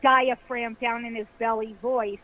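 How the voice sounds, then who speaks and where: A woman caller with a high voice tells a ghost story at an unhurried pace. She paints the scene vividly, acting out the voices and the sounds as she goes. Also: level tone, lo-fi sound.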